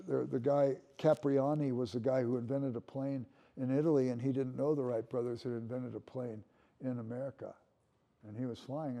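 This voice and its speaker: A man's voice: medium pitch, gravelly, dark tone. An older man giving a conversational classroom lecture, musing aloud and repeating words as he restarts.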